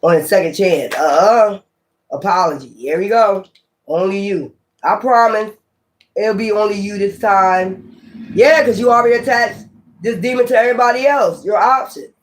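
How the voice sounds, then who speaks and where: Speaking at a moderate pace in a voice that sits high, this man does a laid-back tarot reading for his audience. He's animated, blunt, and profane throughout.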